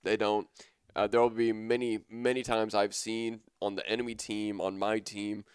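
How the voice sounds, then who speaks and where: A man's voice: on the low side, level tone, moderate pace, clean tone, no room sound, clean studio sound. Casual young male esports caster. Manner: casual, rambling, enthusiastic. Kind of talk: live esports commentary.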